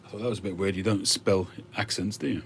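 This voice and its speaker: Low-voiced man chatting casually. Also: fairly even intonation, fast talker, a little hiss or hum. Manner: conversational, musing, with frequent hesitations. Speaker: livestream host reading viewer comments. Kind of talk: casual chat.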